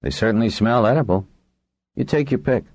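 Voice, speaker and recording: A man's voice: medium pitch, a little fast, darkish tone, no echo, voice pushed up, close to an everyday voice. A man voicing a weary older dragonrider leader with a dry, facetious manner, in a dry audiobook recording.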